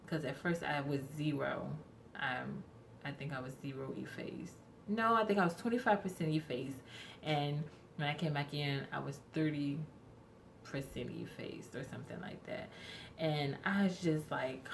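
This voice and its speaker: Low-voiced chatty young woman vlogging. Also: moderate pace, creaky, slight background noise. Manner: chatty, rambling, self-correcting, addresses viewers. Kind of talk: casual storytime vlog.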